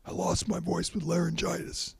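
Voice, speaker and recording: A man voicing a stern female official who has lost her voice to laryngitis, speaking in a curt, raspy whisper. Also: high voice, level tone, normal speed, slight background noise, voice pushed up. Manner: curt, clipped. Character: stern hoarse woman official, curt and cold.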